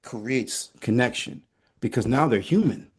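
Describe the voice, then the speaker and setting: A man with a slightly husky, breathy voice speaks as a guest in a casual conversation. He tells stories animatedly, with a playful and candid edge. His pitch sits in a mid range for a man. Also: animated, a little slow. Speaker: teaching artist guest.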